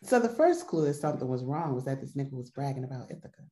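A woman, talking casually on a podcast. She is expressive and quick to laugh. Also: extremely low pitch, poor audio. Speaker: podcast co-host. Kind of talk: casual chat.

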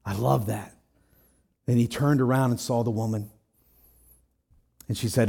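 A man's voice: mid-range voice, moderate pace, long pauses, dark tone, slightly rough. A man preaching a sermon as a pastor in church, earnest and emphatic, acting out scenes in quoted lines.

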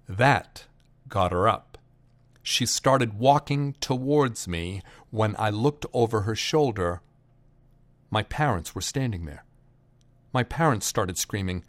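A man in the middle of a personal family story, taking his time and letting pauses do the work. His voice sits at an ordinary middle pitch for a man, and he breaks into loud, high shouts whenever he quotes someone. The delivery is slow and deliberate. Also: lively intonation. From Boston area. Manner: unhurried, pausing for effect, shouting quoted lines.

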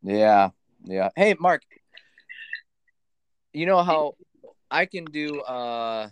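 A man's voice: medium pitch, sing-song, drawn-out words, slight background noise, poor audio. A man hosting a casual wrestling podcast, talking in a loose, rambling, hesitant way. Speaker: podcast host. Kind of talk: casual chat.

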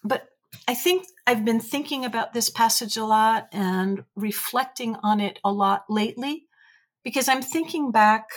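A woman guest on a podcast, reading a passage aloud and then reflecting on it in an earnest, measured way. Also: mid-range voice. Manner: earnest and measured, with halting restarts when telling a personal story.

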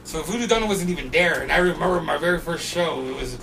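A man telling stories in a casual, animated way, full of slang and swearing and getting loud when he acts out the scenes. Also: on the high side, quick pace, gravelly, distant mic, slight background noise. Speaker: podcast guest. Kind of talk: casual storytelling.

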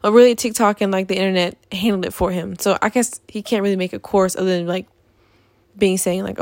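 A woman's voice: medium pitch, steady tone, fairly quick, a little mellow, dry recording, clean studio sound. A young woman in a casual vlog, ranting in an exasperated, profane way about things that annoy her. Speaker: vlogger.

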